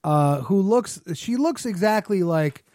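A man co-hosting a talk show, calmly pushing back and steering the discussion. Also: high voice, no room sound, studio quality. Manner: measured, pushes back calmly. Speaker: podcast co-host. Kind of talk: casual discussion.

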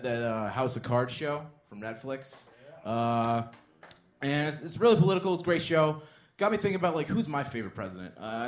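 A man doing a stand-up set, swinging from muttered asides to loud bursts. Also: mid-range voice, roomy sound. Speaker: stand-up comedian.

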